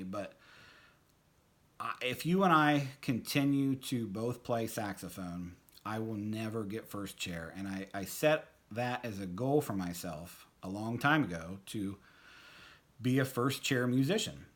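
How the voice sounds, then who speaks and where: A middle-aged man telling a fond personal anecdote at a tribute, halting with many fillers and restarts. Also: fairly low pitch, lively intonation, a bit bright. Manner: fond, reminiscing. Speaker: storyteller at a tribute.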